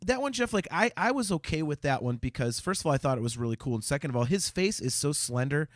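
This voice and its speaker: Speaking fast and animatedly, a man with a fairly high-pitched voice is heard at studio quality with no room sound. He's chatting casually as a co-host of a fan podcast, hesitantly restarting his sentences with stammers and reading out viewer comments.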